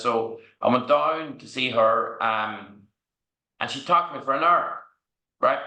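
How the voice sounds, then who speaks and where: This Irish podcast guest speaks in a mid-range, sharp-toned voice at a measured pace. In an echoey room, he tells frank, rambling stories for a candid interview, checking in with "right?" along the way.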